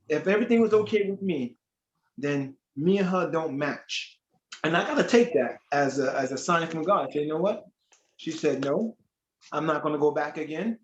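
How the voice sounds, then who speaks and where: Animated storytelling man in an echoey room. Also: on the high side, slight background noise. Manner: animated storytelling with acted quotes. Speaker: panel guest. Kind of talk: casual panel chat. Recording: echoey, dull lo-fi sound.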